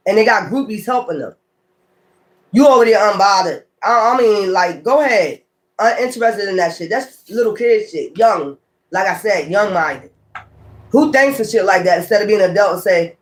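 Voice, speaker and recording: With a high-sitting, animated voice, a man reading tarot on his own channel speaks a little slowly and pauses often. His off-the-cuff rant is profane and confrontational, full of repeated taunts, and he waves off his critics as weirdos.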